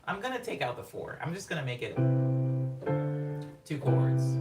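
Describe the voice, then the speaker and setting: A man's voice: a little high, moderate pace. Rambling man live-streaming music production. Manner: rambling, excitable, self-interrupting, sings words on the beat. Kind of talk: casual live-stream explanation. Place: home studio during a live production stream. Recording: roomy room sound, mic at a distance, faint music.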